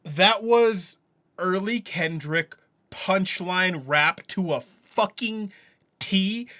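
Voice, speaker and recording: A man reacting to a friend's music album in casual commentary. He swears a lot, laughs often and gets excited, and he trails off and restarts when he turns reflective. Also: sits high, extremely slow. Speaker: music reaction video host.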